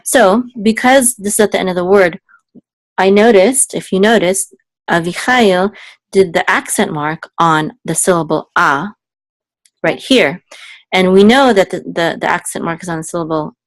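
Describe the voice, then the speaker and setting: A woman teaching a student one-on-one in a casual, patient way, explaining step by step, checking in often and singing out syllables as examples. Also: dry recording. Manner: sings syllables higher and slower as examples. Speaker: Hebrew cantillation teacher.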